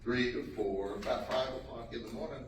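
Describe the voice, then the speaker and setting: A man's voice: mid-range voice, fairly quick. A man telling a folksy, chuckling story to an audience at a community event. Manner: folksy, chuckling, lively delivery. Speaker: sheriff speaking at a community event. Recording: echoey, distant, noisy room.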